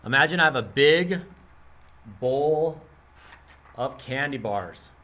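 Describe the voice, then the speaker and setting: Casual, animated male math teacher. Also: mid-range voice, slow. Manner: animated, casual, talks straight to students. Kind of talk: classroom lesson with analogies.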